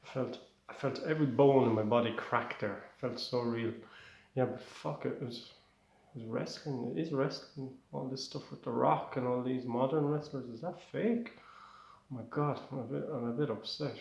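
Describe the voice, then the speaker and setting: Brief: male stand-up from Ireland, rambling and excitable, recorded in an echoey room. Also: medium pitch, normal speed, gravelly. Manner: rambling, self-interrupting, excitable. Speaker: stand-up comedian. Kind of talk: comic storytelling.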